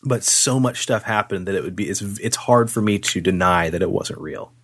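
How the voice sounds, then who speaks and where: A man co-hosting a podcast, telling a spooky story in a casual, animated way, swearing freely and acting out the voices. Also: fairly low pitch, normal speed, slight background noise.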